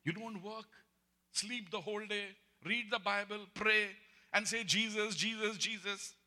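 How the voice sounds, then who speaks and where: A sharp, indignant younger sister scolds in a high, piercing voice, put on by a man telling the story. Her tone is bright and cutting, and the sound rings in a hall. She nags without letup. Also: fairly even intonation, unhurried, exaggerated voice. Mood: scolding.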